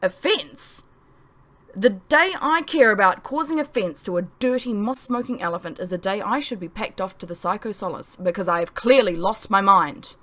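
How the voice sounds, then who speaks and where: A gruff nobleman with a raised, scornful voice, put on by a woman reading her story aloud. He blusters and sneers, pushing every line hard. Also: mid-range voice, animated, normal speed, close to an everyday voice. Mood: contemptuous. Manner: loud, blustering, derisive. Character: gruff bigoted male lord, angry father.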